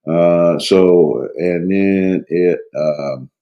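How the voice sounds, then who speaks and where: A man with a cold teaching a Greek grammar review, talking haltingly with many fillers and thinking aloud. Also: sits low, highs cut off. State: has a cold. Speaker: Greek instructor.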